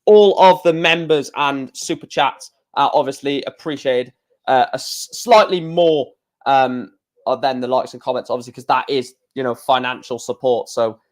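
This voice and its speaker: A man hosting a casual live stream, talking in an excitable, rambling way with many restarts. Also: medium pitch, moderate pace.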